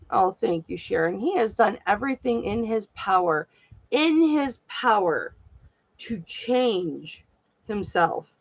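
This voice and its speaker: A woman's voice: medium pitch, creaky, no echo, highs cut off. A woman talking candidly and at length to her live-stream viewers in a heartfelt, rambling way. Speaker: live-stream jewelry seller.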